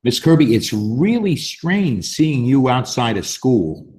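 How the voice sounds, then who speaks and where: A man's voice: mid-range voice, very animated, takes it slowly, dark tone, pitched above the performer's own voice. A man doing a shy polite little schoolboy. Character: polite nervous young schoolboy.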